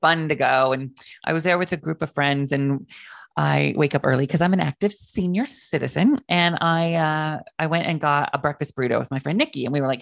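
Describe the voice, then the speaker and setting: A middle-aged man hosting a call-in show, chatting and telling a story in a lively, animated way. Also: on the high side, brisk, creaky, dry recording. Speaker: host. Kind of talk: casual chat show talk. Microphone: video call.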